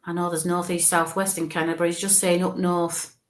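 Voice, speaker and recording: A woman's voice: fairly low pitch, level tone, fairly quick, reverberant. A woman giving a live mediumship reading as a psychic medium, thinking aloud with frequent halts and restarts.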